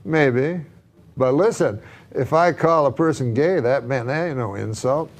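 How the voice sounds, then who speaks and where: A man and comedian guest answering an interviewer in a dry, deadpan way. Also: mid-range voice, unhurried.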